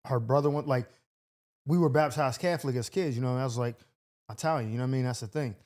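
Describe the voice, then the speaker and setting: A man hosting a casual podcast chat, talking loosely with loud reactions and lots of fillers. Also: medium pitch, quick pace. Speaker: host.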